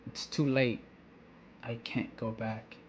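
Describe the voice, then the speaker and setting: A man voicing a listless, empty teenage boy striker full of regret, read aloud quietly and flatly from a manga. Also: mid-range voice, slow pace, muffled recording, slight background noise, lightly acted. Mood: regretful.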